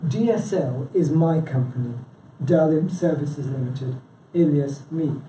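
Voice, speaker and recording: Man giving a talk, mellow voice, slightly high, chatty asides, roomy sound from a distance. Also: measured pace, a little hiss or hum. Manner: chatty, self-interrupting, with frequent "yeah?" and "you know". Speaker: branch chairman giving a talk. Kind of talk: informal presentation quizzing the audience. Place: meeting room with a live audience. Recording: echoey room, speaker away from the mic.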